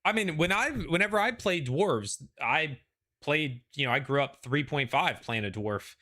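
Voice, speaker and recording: Bright-voiced man in casual chat. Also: fairly high pitch, expressive, moderate pace. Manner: rambling, lots of "like" and "you know". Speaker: show host.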